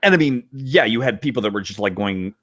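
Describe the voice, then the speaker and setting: A man's voice: mid-range voice, animated, brisk, fairly bright tone. A man co-hosting a podcast in casual chat, talking with animation and acting out quoted reactions. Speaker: podcast co-host.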